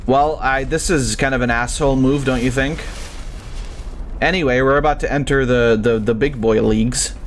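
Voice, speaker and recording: A man's voice: medium pitch, fairly even intonation, normal speed, a little hiss or hum. A young man streaming a game, chatting casually in a rambling, profane, ranting way. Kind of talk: casual live-stream commentary.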